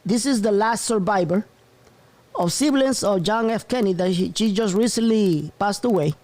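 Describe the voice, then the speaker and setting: A man's voice: high-pitched, normal speed, darkish tone. A man hosting a casual news commentary show, rambling and often breaking into laughter. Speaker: host.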